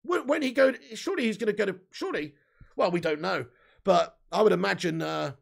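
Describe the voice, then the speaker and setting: Casting: English male live-stream host, gravelly and fairly high, chatty, reads out viewer comments, swears casually. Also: fairly quick. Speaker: livestream host reading chat.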